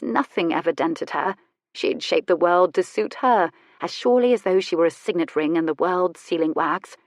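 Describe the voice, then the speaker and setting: A woman narrating a historical romance audiobook in an expressive, measured storytelling manner. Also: fairly low pitch, no room sound, studio quality. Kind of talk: scripted narration.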